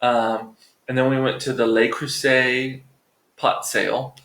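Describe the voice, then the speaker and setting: A man's voice: mid-range voice, little pitch movement, measured pace, a bit bright. A man hosting his own vlog, chatting casually to viewers with profane, joking, rambling asides. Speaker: vlog host. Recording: roomy echo.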